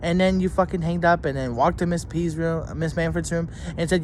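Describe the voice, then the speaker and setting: A vlogger tells a story as an angry rant, swearing nonstop and sometimes shouting. Their voice is medium in pitch, a little fast, with few pauses.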